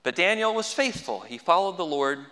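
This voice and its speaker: Pastor guy preaching, bright forceful voice, joking dryly, long echo off the church walls. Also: high-pitched, very animated, moderate pace. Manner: folksy with dry humorous asides. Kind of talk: sermon.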